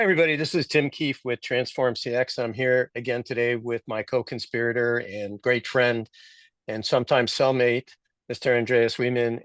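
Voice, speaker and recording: A man co-hosts a business podcast in a mid-range voice with no echo. He chats casually and jokes, thinking aloud and restarting his sentences.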